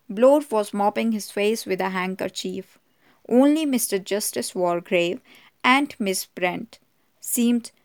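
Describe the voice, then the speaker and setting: A woman narrates a mystery novel aloud at a steady, measured pace. Her voice sits at a middle pitch, and she reads each line evenly. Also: clean tone. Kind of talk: audiobook reading.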